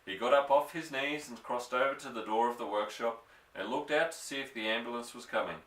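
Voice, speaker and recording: A man reading a children's bedtime story aloud in a gentle, even narration. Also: mid-range voice, fairly quick, far from the mic. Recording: echoey room, voice off-mic.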